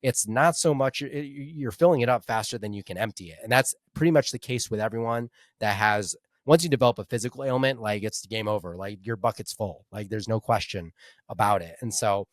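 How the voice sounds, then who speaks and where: Man, podcast guest, casual chat, somewhat low voice, relaxed, restarts often, dry close mic. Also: brisk, dry recording. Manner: relaxed and conversational, with repeated starts and "like" fillers. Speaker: podcast guest and nutrition practitioner.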